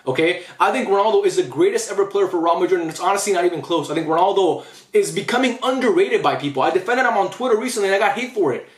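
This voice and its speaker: A man's voice: high voice, lively intonation, fast talker, reverberant. A young man giving a blunt, opinionated football rant to camera for his channel, often saying "bro". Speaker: YouTube football commentator.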